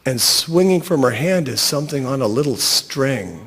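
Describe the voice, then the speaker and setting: A middle-aged man reading his own short story aloud in a dry, even storytelling manner. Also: medium pitch, normal speed, breathy edge, in a large hall.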